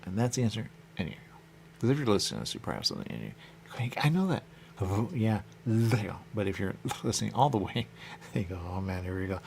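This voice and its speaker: A man with a very low, gravelly voice drifts through a rambling radio monologue. He circles back to the same phrases over and over in a loose, musing way. A faint hiss of noise sits under his voice. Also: sing-song, fast talker, darkish tone. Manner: loose, repetitive, musing, keeps saying "there you go". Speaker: radio show host.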